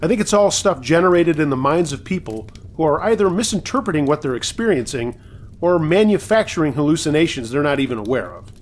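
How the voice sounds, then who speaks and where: A man's voice: on the high side, big pitch swings, brisk. A man reading submitted true scary stories aloud in a conversational way, with wry asides.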